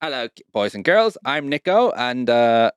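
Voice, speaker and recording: A man putting on loud, jokey, high-pitched parody voices of band members. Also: big pitch swings, moderate pace, smooth, no echo, dull audio, lightly acted. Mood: mocking. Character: mock band members in joking accents.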